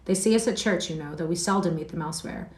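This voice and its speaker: A woman's voice: fairly low pitch, fast talker, natural voice. A woman voicing a timid spoiled boy. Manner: whispering, timid. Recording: roomy sound from a distant mic.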